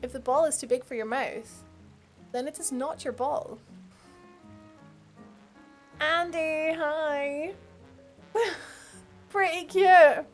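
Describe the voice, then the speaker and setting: A woman's voice: high voice, very slow, pauses often, soft background music. A sleepy woman streamer chatting casually while playing a game, slipping into playful baby talk. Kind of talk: casual chat while gaming.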